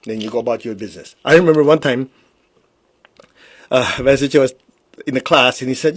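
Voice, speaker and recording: A man's voice: mid-range voice, brisk, pauses often, husky. A man giving a live-streamed spiritual teaching in a blunt, emphatic way, with pointed rhetorical questions. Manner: mocks excuses with put-on quoted voices.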